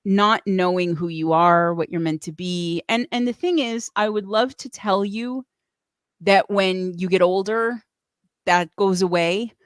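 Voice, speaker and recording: A woman's voice: medium pitch, unhurried, clean tone, no echo, clean studio sound. A middle-aged woman hosting a casual livestream, gushing emotionally and reading chat messages aloud. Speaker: host.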